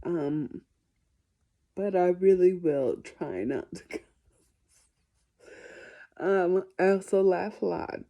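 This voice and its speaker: A woman's voice: lowish voice, takes it slowly, pauses often, mellow. A woman answering viewer questions in a casual vlog, chatty and self-deprecating.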